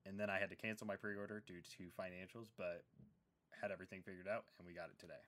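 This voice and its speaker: A man's voice: low voice, steady tone, fast, a bit bright, slight background noise. A man hosting a casual book interview, chatty and enthusiastic with plenty of fillers. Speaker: podcast host.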